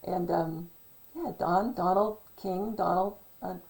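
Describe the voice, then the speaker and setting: A middle-aged woman talking in a rambling, casual monologue, hesitant and full of ums and self-corrections, a little hoarse from losing her voice. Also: fairly low pitch, steady tone, takes it slowly, darkish tone, low-quality recording. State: losing her voice, clearing throat. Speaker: channel host.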